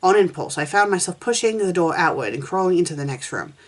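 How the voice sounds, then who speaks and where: A woman reading a first-person fan story aloud at a steady pace, with small slips and restarts as she goes. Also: on the low side, fast. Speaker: fanfiction reviewer.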